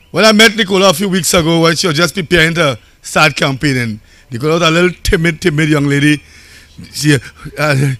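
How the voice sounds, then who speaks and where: A man's voice: high voice, sharp tone, no room sound. A Trinidadian man, a local council chairman, giving a campaign rally speech in a conversational, storytelling way that often repeats phrases.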